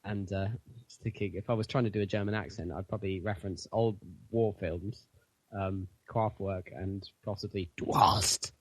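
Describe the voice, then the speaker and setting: A man's voice: deep voice, fairly even intonation, moderate pace, dry recording. A man co-hosting a casual gaming podcast, rambling with fillers and laughing a lot. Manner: rambling, giggly, trails off with fillers. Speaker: podcast co-host. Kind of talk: casual chat.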